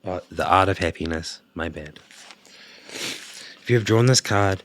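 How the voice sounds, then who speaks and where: A man's voice: deep voice, unhurried, pauses often, fairly bright tone. A man doing a casual oracle card reading to camera, emotional, laughing and sighing as he goes. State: emotional, coughing. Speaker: tarot card reader.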